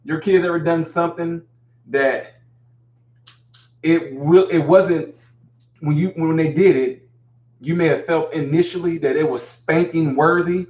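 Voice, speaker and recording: A middle-aged man hosts a casual call-in show, telling stories and acting out scenes. His voice sits a little high. The sound is echoey and dull, lo-fi. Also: a little slow, pauses often. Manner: animated storyteller, acts out scenes. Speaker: host. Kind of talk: casual live call-in talk.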